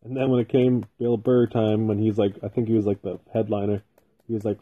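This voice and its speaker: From his basement at home, a solo podcast host rambles casually and profanely, swearing heavily throughout. His lowish, mellow voice has little pitch movement and runs a little fast, captured with a tinny, phone-like quality.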